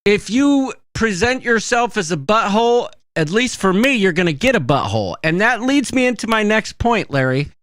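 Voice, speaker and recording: A man's voice: high voice, very animated, moderate pace, few pauses, a bit bright, no room sound. A man hosting a casual podcast, telling rambling stories with many fillers. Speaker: podcast host. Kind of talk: casual chat.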